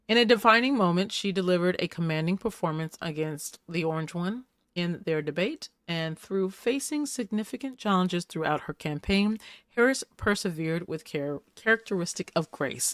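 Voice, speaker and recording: A woman's voice: lowish voice, no room sound, studio quality. A woman hosting a casual recap show, chatty and playful, laughing often as she talks. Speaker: host.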